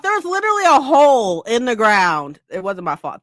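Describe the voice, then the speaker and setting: A woman's voice: fairly high pitch, wildly swooping pitch, normal speed, hardly any pauses, fairly bright tone, no room sound, clean studio sound. A woman hosting a reading livestream, chatting casually with her viewers, laughing often and teasing them. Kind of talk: casual chat with live chat viewers.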